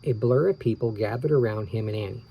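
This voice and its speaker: A man reading a children's book aloud, relaxed and tired, stopping for small asides and rereading his slips. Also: fairly low pitch, fast talker, gravelly, lo-fi sound, slight background noise. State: tired, yawning. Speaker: reader of children's books.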